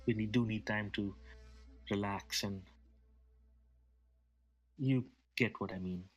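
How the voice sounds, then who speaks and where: A man's voice: on the low side, steady tone, slow. An overly polite male wanderer of the desert, choosing flowery words, as a man plays him in a tabletop game. The voice is his own everyday one. Faint music plays behind.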